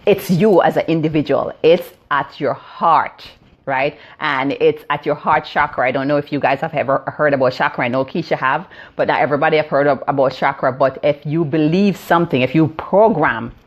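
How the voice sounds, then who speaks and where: Jamaican woman, fifties, low voice, dull phone stream, teaching live with fillers and "right?" check-ins. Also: moderate pace. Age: 50s. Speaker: theta healing practitioner.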